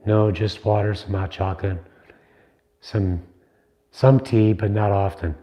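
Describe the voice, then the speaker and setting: The recording is lo-fi, capturing a middle-aged man whose lowish voice keeps a steady tone and measured pace. He's a knife maker hosting a livestream, talking casually with viewers, wandering off topic and ribbing them.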